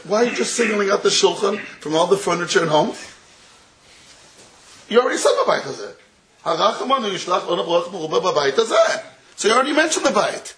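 A man's voice: sits high, a bit bright, a little hiss or hum, rough recording. A man giving a Talmudic lecture to a roomful of listeners, often chuckling and drawing out the phrases he quotes. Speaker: Torah teacher. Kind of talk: Talmudic lecture to a live audience. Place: room with listeners.

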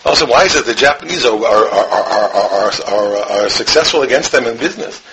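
A man from the United States, a rabbi teaching a Torah class, emphatic and repetitive, dropping from loud emphasis to hushed tones. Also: mid-range voice, lively intonation, a little fast, gravelly, slight background noise, poor audio. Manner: emphatic, repeats phrases, swings between loud and hushed. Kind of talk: impassioned Torah lesson.

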